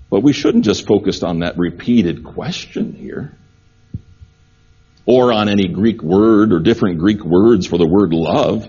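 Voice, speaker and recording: Man preaching earnestly, mellow husky voice. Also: fairly low pitch, measured pace, muffled recording. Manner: earnest preaching, repeats phrases for emphasis. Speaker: pastor. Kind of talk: sermon.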